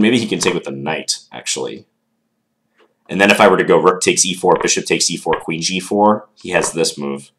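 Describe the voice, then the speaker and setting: A man's voice: sits low, fairly bright tone. A man with a stuffed-up voice from a cold, casually thinking aloud through a chess game and hedging with filler words. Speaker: chess commentator.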